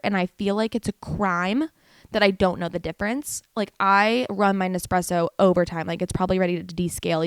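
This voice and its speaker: A woman's voice: medium pitch, fairly bright tone, no room sound. A young American woman hosting a casual solo podcast, reading facts aloud with giggles and stumbling over words. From United States. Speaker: podcast host.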